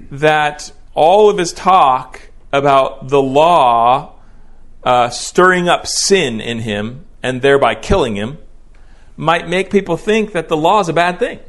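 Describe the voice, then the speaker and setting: A man preaching through a Bible passage, explaining it step by step and often checking in with a rhetorical "right?". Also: a little high. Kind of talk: expository Bible teaching.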